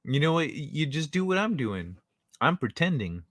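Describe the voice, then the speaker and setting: A man's voice: on the high side, big pitch swings, normal speed, no room sound, studio quality. A man hosting a casual late-night livestream, joking crudely and bantering with his chat. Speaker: livestream host.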